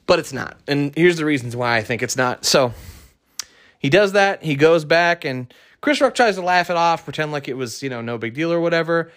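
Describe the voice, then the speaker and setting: A man's voice: fairly high pitch, normal speed, fairly bright tone. A young man hosting his own podcast, talking alone in a casual, blunt and heavily profane rant. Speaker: podcast host.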